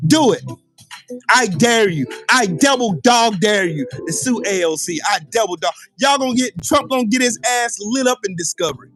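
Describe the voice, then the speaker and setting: A man's voice: sits high, expressive, moderate pace, fairly bright tone, faint music behind. A man hosting a livestream, in a furious, profane political rant, taunting viewers with repeated questions. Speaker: livestream host.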